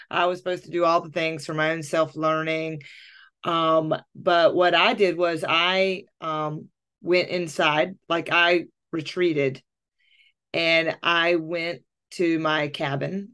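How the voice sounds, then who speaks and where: Expressive woman telling a personal story. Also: lowish voice, smooth. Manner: expressive storyteller, acts out her own thoughts. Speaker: coach and podcast host. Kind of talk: casual conversation.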